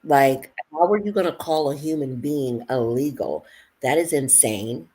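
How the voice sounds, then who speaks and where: A woman with a low, husky voice talks in a loose, casual chat. She tells stories with energy and acts out what other people said. She laughs often between lines. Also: measured pace. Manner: animated storyteller, acts out quotes, laughs often.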